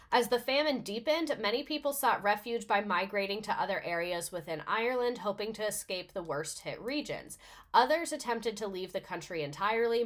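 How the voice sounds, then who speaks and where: A woman's voice: mid-range voice, fairly bright tone. A young adult woman, a teacher, reading a text aloud in a casual way and breaking off for chatty, sarcastic comments with plenty of swearing.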